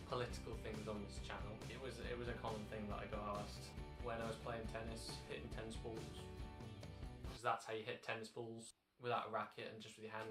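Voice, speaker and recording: A man's voice: on the low side, recorded from a distance. A young man with a British accent, casually narrating a travel vlog with dry, jokey asides. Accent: British English. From Britain. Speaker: vlogger. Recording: echoey room with background music.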